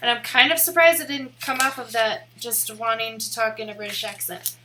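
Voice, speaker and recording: A woman's voice: a little high, steady tone, brisk, pushed and bright, a little hiss or hum. A young woman streaming live, rambling in a casual, giggly way with lots of "like" fillers. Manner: rambling and giggly, heavy use of "like".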